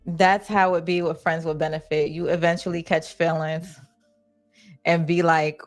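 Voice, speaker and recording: A woman's voice: on the low side, fairly even intonation, normal speed, faint music behind. A young adult woman, hosting a live chat, candid and blunt, reading viewer comments. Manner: candid, blunt, swears casually. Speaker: livestream host.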